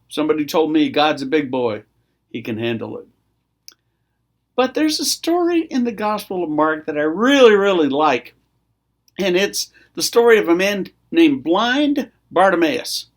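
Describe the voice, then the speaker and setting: Pastor guy doing a weekly devotional, talks easy and friendly, voice a bit on the high side, gets loud acting stuff out. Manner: conversational, acts out shouted quotes.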